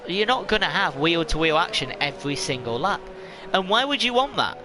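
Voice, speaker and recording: A man's voice: on the high side, very animated, brisk, music in the background. A man giving live, chatty commentary on a sim race, rambling and laughing at himself.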